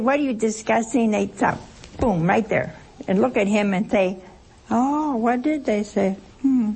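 A woman's voice: mid-range voice, gravelly, darkish tone, husky. A woman teaching a Bible study to a group, talking conversationally and expressively with rhetorical questions and playful asides.

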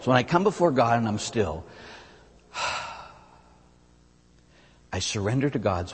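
A man preaching as a Catholic priest, telling stories with lively asides and frequent "huh?" to his listeners. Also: mid-range voice, unhurried, long pauses, husky. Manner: animated storytelling with rhetorical "huh?" asides. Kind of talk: sermon. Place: church. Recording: long reverb of a large church.

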